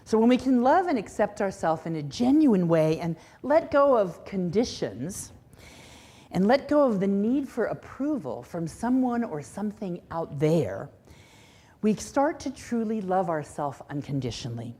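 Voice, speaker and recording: A woman's voice: mid-range voice, big pitch swings, a little slow, mellow, husky. A woman minister giving a sermon, telling a story expressively, then teaching reflectively.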